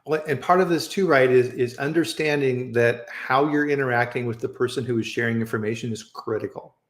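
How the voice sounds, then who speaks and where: A man's voice: medium pitch, brisk. Talkative man on an echoey video call. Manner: animated storyteller, repeats "right?". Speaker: host. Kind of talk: casual live-stream chat. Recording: roomy echo.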